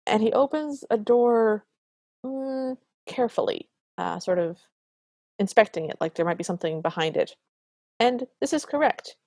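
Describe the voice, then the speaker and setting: A woman co-hosting a podcast, recapping a film in animated, opinionated casual chat. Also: fairly high pitch, normal speed, no room sound. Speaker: podcast co-host.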